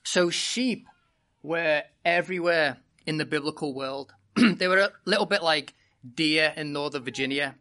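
A preacher with a British accent, opening a sermon with a humorous, animated personal story before teaching the congregation. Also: mid-range voice, a little slow. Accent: British English. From Britain.

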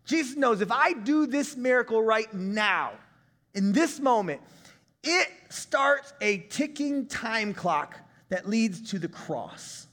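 A male pastor in his thirties preaching a conversational sermon, breaking into shouts now and then. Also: very high-pitched, expressive, takes it slowly, long reverb tail.

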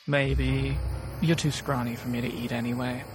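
A man's voice: mid-range voice, little pitch movement, moderate pace, music in the background, lightly acted. A man voicing a pompous, lazy house cat in a tabletop game, drawling dismissively. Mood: haughty.

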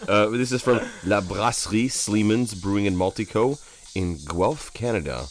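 A man's voice: on the low side, moderate pace. A man co-hosting a podcast, talking in a dry, matter-of-fact casual way. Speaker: podcast co-host.

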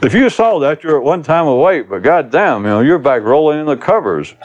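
A man's voice: a little high, lively intonation, brisk, muffled recording. A man giving a recorded spiritual talk to an audience, rambling and blunt, swearing casually as he teaches.

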